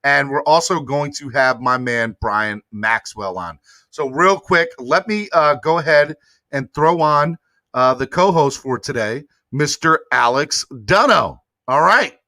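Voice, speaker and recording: Animated, bright-voiced male sports podcast host. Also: medium pitch, measured pace, no echo, clean studio sound. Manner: animated, slangy, begs viewers for likes. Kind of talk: casual sports talk livestream.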